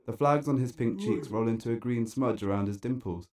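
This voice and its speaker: A man narrating a dark, absurd spoken-word story in a deadpan, wry and theatrical way. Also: medium pitch, brisk.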